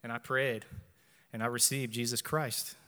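A man in his forties gives an earnest personal faith testimony to a church, speaking in measured phrases and repeating lines for emphasis. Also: medium pitch, flat delivery, sharp tone, big-room sound. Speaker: church member giving testimony.

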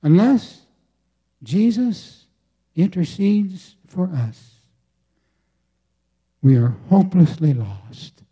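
Slow, deliberate preacher man. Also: high voice, big pitch swings, dark tone, husky. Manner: slow, deliberate, with emphatic pauses and repetition. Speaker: pastor. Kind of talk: sermon.

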